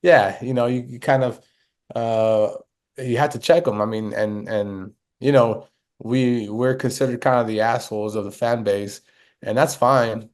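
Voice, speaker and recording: A man in relaxed podcast talk, helping lead a fan group. He speaks frankly but haltingly, leaning on fillers, with an average pitch. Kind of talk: casual podcast chat.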